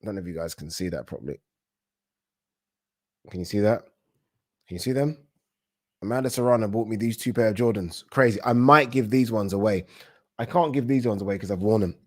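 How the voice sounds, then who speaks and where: A man's voice: lowish voice, brisk, long pauses, no room sound. British guy on a live stream, hyped and chatty, swears a bit, dry close sound. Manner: excitable, chatty, swears casually. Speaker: boxing livestream host. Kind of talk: casual livestream chat.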